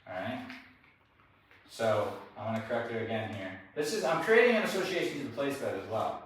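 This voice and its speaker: A man dog trainer explains his work in a relaxed, conversational way while he trains. His voice sits at an ordinary pitch. He sounds a little away from the mic, in a very reverberant indoor space with faint noise underneath. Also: fairly quick. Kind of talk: hands-on training demonstration. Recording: very echoey room, distant mic, faint noise.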